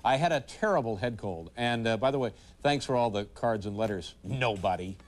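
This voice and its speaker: A man's voice: medium pitch, animated, brisk, a little hiss or hum. A man in his forties hosting a late-night comedy show, dry and wisecracking with mock-serious asides. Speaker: talk show host. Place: TV studio with a live audience.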